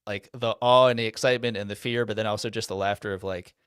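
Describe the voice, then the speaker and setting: A man's voice: on the low side, fairly even intonation, quick pace, fairly bright tone, clear, resonant tone, no echo, studio quality. A man in his thirties co-hosting a podcast, telling a story casually and poking fun at himself. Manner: rambling, self-deprecating storyteller. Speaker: podcast co-host. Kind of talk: casual chat.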